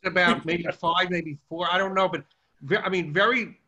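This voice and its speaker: Older Brooklyn man, bright and slightly high voice, rambling storyteller, softened New York accent. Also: normal speed, highs cut off. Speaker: contest finalist. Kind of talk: video call chat.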